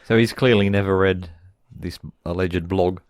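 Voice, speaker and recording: Low-voiced man chiming in on a podcast. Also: steady tone, moderate pace, no room sound. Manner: short agreeing interjections and dry asides. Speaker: podcast co-host. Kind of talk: casual chat.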